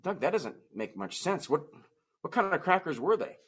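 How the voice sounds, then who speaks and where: Husky-voiced male ventriloquist. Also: on the high side, very animated, normal speed, fairly bright tone. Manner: patient, explains to children. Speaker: musical ventriloquist. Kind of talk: ventriloquist show patter.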